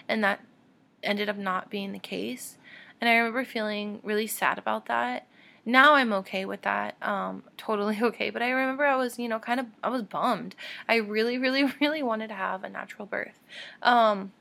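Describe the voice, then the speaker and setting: Young woman podcast host, slightly high voice with a gravelly fry, candid and chatty, encouraging. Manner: candid and chatty, with frequent soft laughs and fillers; heartfelt and encouraging toward listeners. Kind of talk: casual solo podcast talk.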